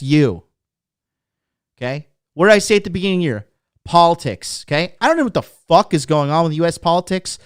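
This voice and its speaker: A man's voice: on the high side, clean tone, no echo, studio quality. A man hosting a podcast, delivering a blunt, profane, mocking rant. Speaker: podcast host. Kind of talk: ranting monologue.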